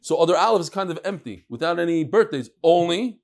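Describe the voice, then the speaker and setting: A fast-talking rabbi with a highish voice and lively intonation teaches a daily class to a live study-hall audience. The tone is casual, and between lessons he trades jokes and banter with the room.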